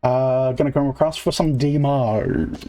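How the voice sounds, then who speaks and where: A man's voice: mid-range voice, a little slow, warm tone. A man narrating as game master in a casual, filler-heavy way, counting moves aloud.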